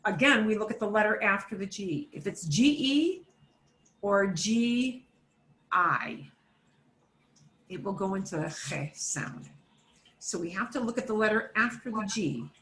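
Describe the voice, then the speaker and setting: Slow, patient American woman teaching Spanish. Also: mid-range voice, expressive, fairly bright tone. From United States. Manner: slow, patient, repeats words for learners to echo. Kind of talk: classroom pronunciation lesson.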